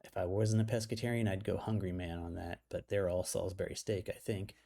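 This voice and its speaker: A man's voice: low-pitched, level tone, brisk, gravelly, mellow. A man reading his own humorous article aloud, playful and self-mocking, breaking off for casual side remarks.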